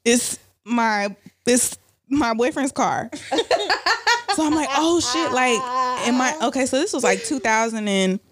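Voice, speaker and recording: A woman telling a story to friends in casual chat, acting out what people said with lively, raised quotes. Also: a little high, a little slow.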